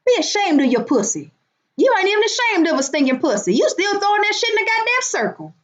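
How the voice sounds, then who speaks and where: A woman, hosting a casual livestream from home, loud and profane, greeting viewers by name. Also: very high voice, very animated, fast talker, muffled recording. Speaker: livestream host.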